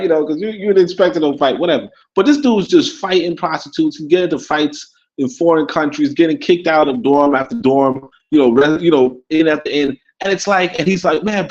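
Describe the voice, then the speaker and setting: Rambling Caribbean man on lo-fi audio. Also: a little high. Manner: rambling, repeats words, chuckles often. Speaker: podcast co-host. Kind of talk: casual livestream talk. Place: abroad in Africa.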